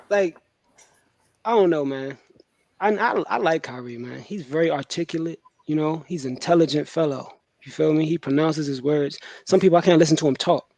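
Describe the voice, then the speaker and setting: A man co-hosting a sports podcast, giving his opinions in relaxed, slangy talk. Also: fairly high pitch, brisk, no room sound.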